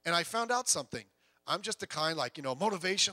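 Speaking briskly in a slightly high voice, a middle-aged man preaches as pastor, telling stories that lurch from hushed asides to shouts. Stammering and repeated words come up often.

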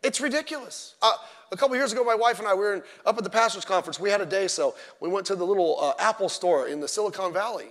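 A middle-aged man preaching a sermon as pastor, animated and digressive, with joking asides. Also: sits high, quick pace. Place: church sanctuary. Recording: long church-hall reverb.

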